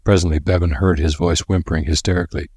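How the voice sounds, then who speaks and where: A man narrating an audiobook in a measured, even storytelling manner. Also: low voice, husky, no echo, studio quality.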